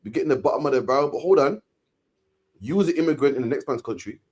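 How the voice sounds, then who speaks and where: A man's voice: mid-range voice, expressive, quick pace, darkish tone. A man leading a casual discussion, talking emphatically in long rants that end lines with "man.". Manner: emphatic, ranting, repeats "man" at line ends.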